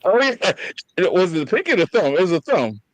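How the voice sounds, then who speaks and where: Animated man telling family stories. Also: sits high, fairly quick, dry recording, poor audio. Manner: profane, animated storytelling with laughs. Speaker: podcast host. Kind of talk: casual conversation with his brother.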